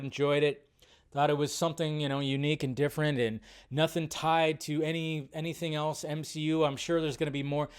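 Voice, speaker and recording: A man giving a casual spoken review of a TV episode, animated and loose, cursing and acting out his own reactions. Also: mid-range voice. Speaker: film review vlogger.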